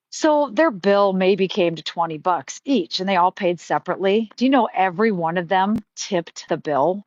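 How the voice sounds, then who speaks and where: This livestream host is a middle-aged woman speaking at normal speed in a mid-range voice. She tells stories in a heartfelt, chatty way with lots of fillers, over dry, slightly muffled audio with no echo.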